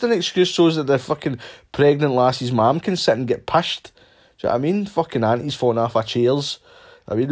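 A man's voice: mid-range voice, fairly quick, a little mellow. A Scottish man ranting in a casual monologue, sweary and sarcastic, mocking people with put-on voices.

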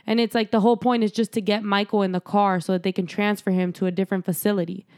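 A woman's voice: mid-range voice, flat delivery, quick pace, darkish tone. A young woman casually recapping a horror movie with a co-host, chatty, laughing often and swearing freely. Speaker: podcast co-host.

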